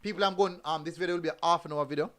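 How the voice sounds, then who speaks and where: A man's voice: a little high, steady tone, very fast, a bit bright. A man hosting a casual football review show, often repeating his phrases for emphasis.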